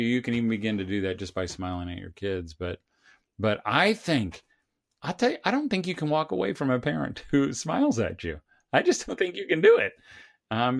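A middle-aged man, an author and speaker, talking in an earnest, animated way as a guest in a casual conversation. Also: mid-range voice. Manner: earnest, animated storytelling with restarts.

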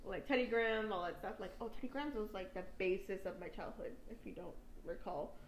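A woman's voice: mid-range voice, a little fast, roomy sound, slight background noise, poor audio. A young woman from New York, a podcast host chatting casually, rambling and swearing and laughing at her own stories. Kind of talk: casual chat.

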